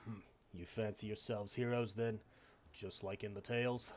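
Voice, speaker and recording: A man voicing a skeptical guard captain in a game, speaking in a stern, curt, measured way in a dull lo-fi recording. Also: fairly low pitch, steady tone, darkish tone, a little hiss or hum, close to an everyday voice. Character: gruff skeptical male guard captain, blunt. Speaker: streamer reading game dialogue.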